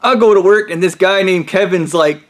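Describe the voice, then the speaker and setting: Man, high voice, rambling storyteller, profane, offhand vlog talk. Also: normal speed.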